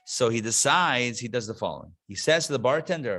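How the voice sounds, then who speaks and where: Animated rabbi telling jokes to a class. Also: male voice, fairly quick, hardly any pauses. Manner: animated storyteller, swings into high excited voices for characters. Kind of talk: live lecture with told jokes. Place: classroom streamed to an online call.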